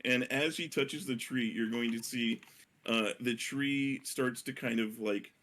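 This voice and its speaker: A man narrates a tabletop game as game master. He hesitates often, with many fillers and self-corrections. His voice sits at an ordinary middle pitch. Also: steady tone, a little slow, a bit bright, a little hiss or hum.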